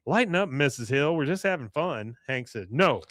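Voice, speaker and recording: Animated man recapping an episode. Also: on the high side, moderate pace, no room sound. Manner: retells scenes quoting characters, laughing often. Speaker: podcast co-host. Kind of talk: casual podcast recap.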